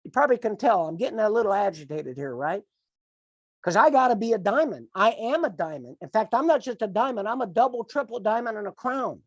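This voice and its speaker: A man's voice: sits high, animated, brisk, no room sound, lo-fi sound. A middle-aged man giving an emphatic, repetitive, fired-up motivational coaching talk to his team on a call. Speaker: team leader.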